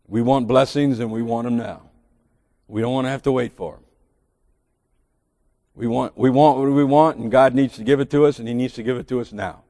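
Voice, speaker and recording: A man's voice: mid-range voice, mellow, no echo, studio quality, big-room sound. A middle-aged man with a Southern drawl preaching a sermon in a church, earnest and building to emphatic bursts with folksy asides.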